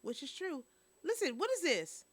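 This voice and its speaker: A woman's voice: high-pitched, sing-song, normal speed, dry recording. A woman hosting a casual news and review stream, chatting straight to her viewers.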